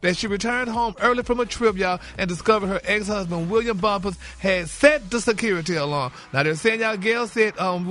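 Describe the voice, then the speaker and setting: A man's voice: high voice, fairly bright tone. A man hosting a celebrity gossip segment on a morning radio show, sassy and indignant, calling listeners "honey" and "y'all.". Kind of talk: animated gossip chat.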